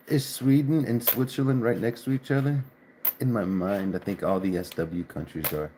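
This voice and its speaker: With a noisy background behind him, a man hosts a relaxed, chatty livestream, addressing his chat as "y'all" and letting the odd mild curse slip. He speaks at a moderate pace in a lowish voice with fairly even intonation.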